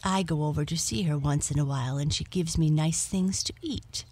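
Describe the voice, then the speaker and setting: A woman voicing a friendly, polite female yellow cat who calmly reassures her new friend in a storybook reading. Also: low-pitched, normal speed, husky. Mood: reassuring.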